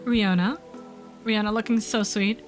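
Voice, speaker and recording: A woman streamer, a little hoarse, chatting and reading game dialogue aloud during a live stream. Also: mid-range voice, steady tone, normal speed. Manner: chatty, reads game lines aloud between asides. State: slightly hoarse, losing her voice. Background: faint game music.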